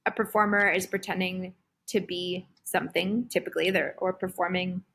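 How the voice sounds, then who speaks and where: A woman in her thirties talking casually as a podcast guest, animated, with lots of "like" and "um". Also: fairly low pitch, moderate pace, creaky, slightly rough. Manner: animated, full of fillers like "like" and "um". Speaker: guest, performer and creative director.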